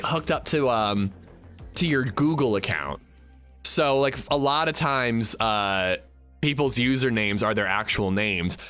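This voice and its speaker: On a gaming livestream, a young man with a mid-range voice chats casually, rambling and animated as he reads chat while playing.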